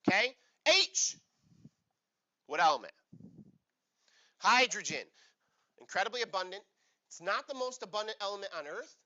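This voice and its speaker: A man's voice: fairly high pitch, lo-fi sound. A male chemistry teacher giving a playful classroom lecture and quizzing his students. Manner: playful, animated, asks the class questions.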